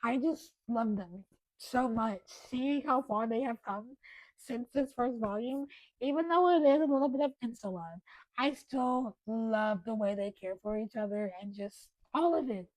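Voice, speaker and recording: A young woman chatting casually on her book vlog, gushing and excitable with bursts of loud enthusiasm. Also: fairly high pitch, unhurried, dry recording, rough recording. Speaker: book vlogger. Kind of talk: casual chat.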